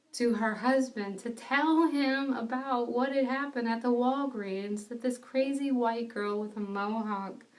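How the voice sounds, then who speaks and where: A woman telling a personal faith testimony, in an earnest, animated storytelling manner. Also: on the high side, distant mic. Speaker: ministry speaker.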